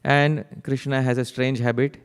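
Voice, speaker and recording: A man's voice: medium pitch, level tone, normal speed, smooth. Give me a resonant male preacher in a reverberant hall. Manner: chanting verses, asking the audience rhetorical questions. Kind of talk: devotional sermon with storytelling. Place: temple hall.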